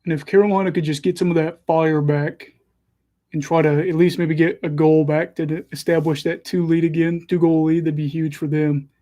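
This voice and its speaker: Young male livestream host, fairly high mellow voice, casual chatty hockey commentary. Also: flat delivery, normal speed. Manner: chatty, self-deprecating, follows play live.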